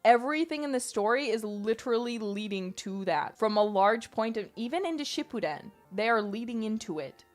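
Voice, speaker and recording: A woman streamer ranting in casual, animated talk, emphatic and swearing freely. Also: fairly high pitch, a little fast, few pauses, soft background music.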